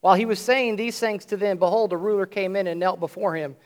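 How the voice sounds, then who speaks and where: A man preaching a sermon in an earnest way, slowing down and swelling his voice to stress a point, and reading scripture aloud between his explanations. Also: high voice, steady tone.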